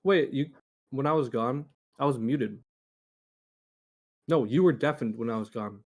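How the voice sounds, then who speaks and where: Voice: mid-range voice, a little slow. A friend chatting casually over voice chat, laid-back and dry.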